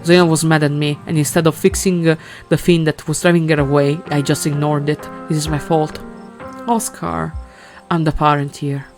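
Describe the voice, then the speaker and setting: A guilt-stricken father from a game, voiced by a woman reader. He speaks low, quiet and earnest, owning the blame. Soft music sits faintly underneath. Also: level tone, moderate pace. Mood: guilty. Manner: soft, earnest, self-blaming. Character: worried middle-aged father, guilt-stricken.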